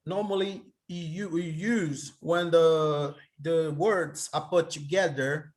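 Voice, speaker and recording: Slow, hesitant male Greek tutor on a video call, slightly high voice. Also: fairly even intonation. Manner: hesitant, halting, many restarts. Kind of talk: online tutoring session.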